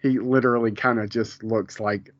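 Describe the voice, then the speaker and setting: A man's voice: lowish voice, steady tone, moderate pace. A man co-hosting a casual podcast chat about a TV show. He rambles, restarts often and laughs a lot. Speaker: podcast co-host. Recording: dull, lo-fi home podcast audio.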